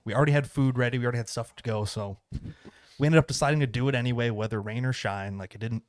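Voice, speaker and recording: A man's voice: mid-range voice, fast, no echo. An American man in a small studio chats loosely as the host of a podcast, rambling through a story with plenty of fillers. His voice sits mid-range and is recorded dry and close. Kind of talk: casual chat.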